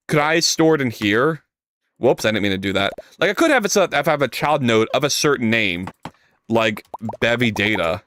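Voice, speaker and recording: A man's voice: a little high, dry recording. A man streaming live while coding, chatting casually with viewers and reading their messages aloud. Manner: animated, jokey, reads chat aloud and rambles. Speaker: livestreamer.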